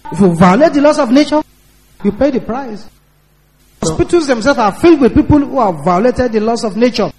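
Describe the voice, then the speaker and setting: High, animated male preacher. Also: in a large hall, low-quality recording. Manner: emphatic, repetitive warnings. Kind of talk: sermon.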